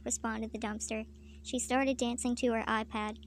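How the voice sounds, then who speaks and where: A woman reading a parody fanfiction aloud in a deadpan, flat way. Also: a little high, normal speed, creaky, a little hiss or hum. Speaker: fanfiction reader.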